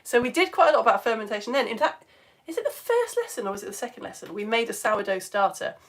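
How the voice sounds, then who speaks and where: A British woman with a fairly high voice presents a live science lesson for kids from a home studio. She talks quickly, her pitch swinging widely as she gushes and exclaims over comments sent in by viewers.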